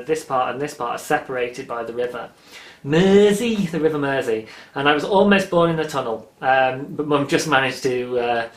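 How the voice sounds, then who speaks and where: An English podcast host chats casually, rambling, interrupting himself, and wandering into lots of asides. His voice is medium-pitched with a roomy sound.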